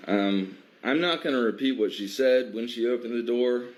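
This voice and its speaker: A man from a biker advocacy group recounting an incident in a measured way, with many pauses and fillers. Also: mid-range voice. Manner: measured, filler-heavy, stops to restart. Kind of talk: recounting an incident, casual monologue.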